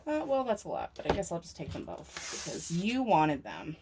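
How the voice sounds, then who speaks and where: A woman's voice: fairly low pitch, very animated, moderate pace, a little mellow, husky. A young woman giving a casual, rambling tarot reading to camera. She uses lots of fillers and swears casually. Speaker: tarot reader.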